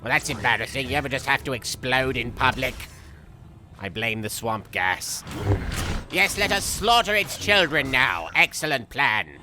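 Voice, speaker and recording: A man voicing a goofy, unhinged young male villain as he comments on a game, rambling through silly jokes with sudden shrill outbursts. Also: lively intonation, moderate pace, over music, lightly acted. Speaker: gameplay commentator. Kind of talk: comedic let's-play commentary.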